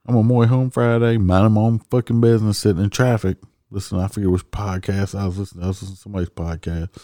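Traffic cop, male, mellow low voice, profane and blunt storyteller. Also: fairly even intonation, racing, no echo, studio quality. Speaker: traffic police officer. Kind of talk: casual storytelling monologue.

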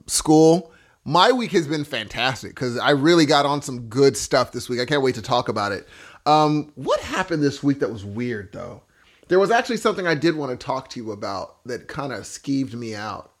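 Man, podcast co-host, thirties, animated slangy chat, lively pitch, upbeat. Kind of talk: casual chat.

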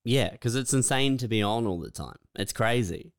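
A man's voice: mid-range voice, lively intonation, normal speed. A man co-hosting a comedy podcast, laid-back, laughing often and saying man a lot. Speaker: podcast co-host. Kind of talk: casual comedic chat.

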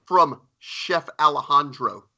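A man co-hosting a casual podcast, sarcastic and quick with profane jokes. His voice is very bright and swings widely in pitch. It comes through a slightly dull, lo-fi mic. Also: expressive, gravelly. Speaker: podcast co-host.

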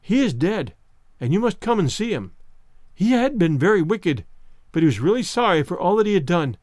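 A man voicing a solemn young girl in a storybook reading, speaking quietly and gravely. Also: high-pitched, big pitch swings, moderate pace, dry recording, clean studio sound.

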